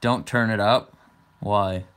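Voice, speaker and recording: A man's voice: fairly low pitch, steady tone, slow, a bit bright, clear, resonant tone. A man in his twenties hosting a casual livestream, chatting and answering viewer comments aloud. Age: 20s. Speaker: livestream host.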